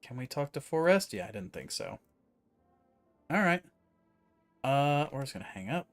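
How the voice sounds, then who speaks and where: A man's voice: medium pitch, big pitch swings, moderate pace, faint music behind. A man streaming a horror game, chatting casually and joking about his own voices. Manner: chatty, self-mocking, reads on-screen text aloud. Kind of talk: casual gameplay commentary.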